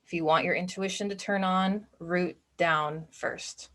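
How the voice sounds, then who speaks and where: A woman's voice: on the low side, fairly even intonation, unhurried, fairly bright tone. A woman coach giving a recorded masterclass in a casual, chatty way, often saying "like". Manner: chatty, informal, many "like" fillers. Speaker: business and spiritual coach.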